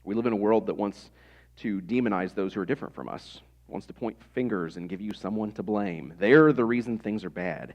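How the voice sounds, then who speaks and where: A man's voice: lowish voice, brisk, a little mellow. A man in his thirties preaching a sermon in a conversational way, with rhetorical questions to the congregation. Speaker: pastor.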